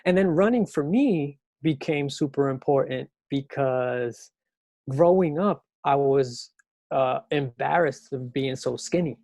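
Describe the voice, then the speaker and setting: A middle-aged man from New York, a podcast guest in casual chat, telling animated, slangy stories. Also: a little slow, vocal fry, no room sound. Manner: animated storyteller, slangy, mimics people in high voices.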